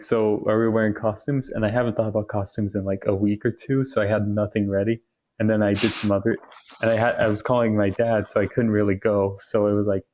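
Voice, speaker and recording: A man's voice: lowish voice, darkish tone. A young man co-hosting a podcast, telling a rambling story in casual chat with many restarts. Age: young adult. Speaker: podcast co-host.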